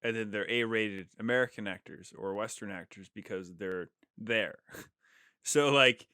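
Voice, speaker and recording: Low bright-voiced man, dry close sound. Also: measured pace, clear, resonant tone, no room sound. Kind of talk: casual chat.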